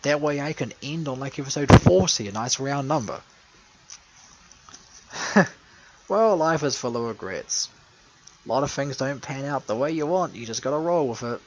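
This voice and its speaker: A man's voice: medium pitch, expressive, moderate pace, pauses often, low-quality recording. A man giving a casual, rambling spoken retrospective, sarcastic and crude, full of fillers and self-corrections. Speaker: video maker recapping a call-in show.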